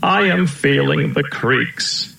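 A man voicing a gentle old male elephant uncle who aches, speaking slowly and wearily in a storybook reading. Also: a little high, voice pushed up, heavily acted. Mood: weary. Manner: slow, creaky, weary. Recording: roomy echo.

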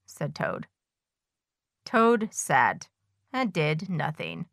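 A woman reading a children's storybook aloud in a slow, expressive way. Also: on the low side, no room sound, studio quality.

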